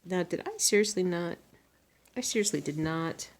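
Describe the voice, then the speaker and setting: Sleepy, chatty woman with a gravelly voice. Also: lowish voice, normal speed. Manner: chatty, talks to herself, soft muttered asides. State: tired and yawning. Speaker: crafting vlogger. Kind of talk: casual chat while stitching.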